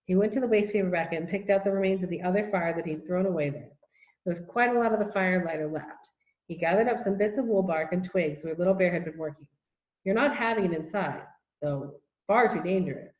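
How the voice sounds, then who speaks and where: A woman reading a children's novel aloud in a steady, even manner, in an echoey room. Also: lowish voice, fast, muffled recording. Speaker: audiobook reader. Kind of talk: storybook narration.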